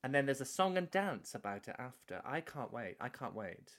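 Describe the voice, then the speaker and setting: A man co-hosting a comedy review podcast, rambling in a mock-earnest way, full of halting restarts and stammers. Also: mid-range voice, very animated, fairly bright tone. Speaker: co-host. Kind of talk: deadpan comedy review chat.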